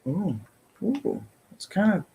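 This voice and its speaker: A man chatting through an unboxing, gushing with breathy exclamations and whispered asides. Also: sits high, huge pitch swings, slow pace, warm tone, a little hiss or hum, low-quality recording. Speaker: vlogger unboxing subscription boxes. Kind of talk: casual unboxing chat.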